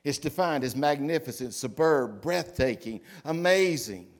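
A middle-aged man preaching a sermon, telling stories and swinging from loud declarations to hushed asides. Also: on the high side, expressive, a little slow. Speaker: pastor.

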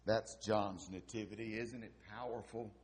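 A man preaching a sermon with dramatic storytelling, swinging between loud exclamations and hushed passages. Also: on the low side, fairly even intonation, normal speed, slightly rough. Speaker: pastor.

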